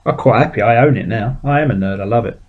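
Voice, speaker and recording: A man's voice: medium pitch, fast talker, phone-quality sound. A man with a British accent hosting a weekly drawing show, chatting casually and telling self-mocking stories. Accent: British English. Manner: self-mocking storyteller, acts out quotes. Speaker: webcomic artist and show host. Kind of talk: casual rambling chat while drawing.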